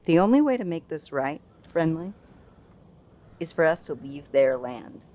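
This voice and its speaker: A woman playing a tabletop role-playing game, speaking in character in a blunt, forceful way with swearing. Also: sits low, very animated, measured pace. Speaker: player.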